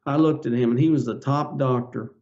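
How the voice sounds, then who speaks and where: A man's voice: mid-range voice, fairly even intonation, a little fast, darkish tone, muffled recording. An older man, a podcast guest, telling his story in an earnest, folksy way and acting out the dialogue. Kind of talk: storytelling interview.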